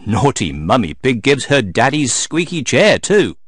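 A man narrating a storybook aloud in an expressive, sing-song way. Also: mid-range voice, measured pace, slightly rough, no echo, studio quality.

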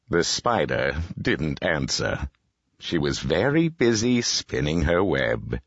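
A man narrating a children's picture book as a professional audiobook reader, expressive and playful. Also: a bass voice, slow pace, dry recording. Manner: expressive, voices each animal. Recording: dry, slightly dull lo-fi audio.

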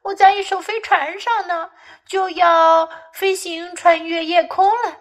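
A woman's voice: very high voice, fairly even intonation, unhurried, voice pushed up. A woman voicing a sleepy baby frog boy who grumbles at being woken.

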